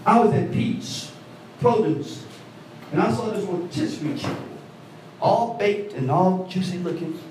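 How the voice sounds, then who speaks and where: A man preaching an animated call-and-response sermon, recorded from a distance in a church. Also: a little slow, slight background noise. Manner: animated call-and-response preaching, voice swooping high for quoted women. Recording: echoey hall, mic from afar.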